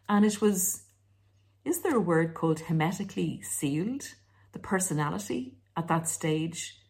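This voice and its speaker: In a fairly low, husky voice with vocal fry, a woman hosts a self-help video on relationships, talking casually and with occasional sarcasm. She speaks expressively at a measured pace, a little mellow, and acts out mocking quoted voices.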